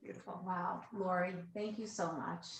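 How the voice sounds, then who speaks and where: A woman hosting a virtual event interview over a video call, giving warm, effusive thanks and praise to her guest. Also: on the low side, steady tone, normal speed. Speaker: event host and moderator. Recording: echoey room, faint background noise.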